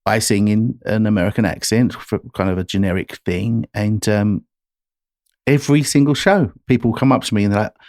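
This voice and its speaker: English guy musician, talks it through slowly w lots of restarts. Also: fairly low pitch, darkish tone, no room sound, studio quality. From England. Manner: thoughtful, explains at length with many restarts. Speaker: guest singer-songwriter. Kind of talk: casual interview chat.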